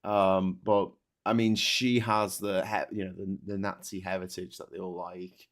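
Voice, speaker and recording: A man's voice: sits low, level tone, a little slow. A man hosting a casual political chat, talking hesitantly with stammered restarts and reading out viewer comments.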